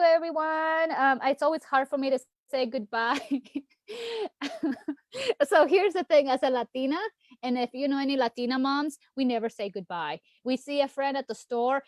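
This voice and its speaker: A woman's voice: high voice, normal speed, dry recording. A woman in her thirties who is a political candidate, talking in a late-night livestream chat and laughing often between phrases.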